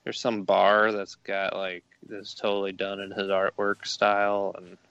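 A man's voice: sits low, monotone, measured pace, vocal fry, fairly bright tone, smooth, dry recording. A man co-hosting a podcast in casual chat, easygoing and teasing. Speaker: podcast co-host. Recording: dull dry lo-fi recording.

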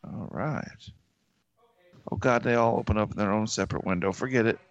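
A man's voice: on the low side, normal speed, no echo. A man co-hosting a podcast in casual chat, loose and easily amazed, swearing freely. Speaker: podcast co-host. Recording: dull lo-fi dry recording.

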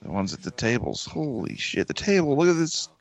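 A man's voice: fairly high pitch, big pitch swings, fairly quick, gravelly. A man co-hosting a podcast in casual chat, loose and easily amazed, swearing freely. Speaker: podcast co-host. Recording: dull lo-fi dry recording.

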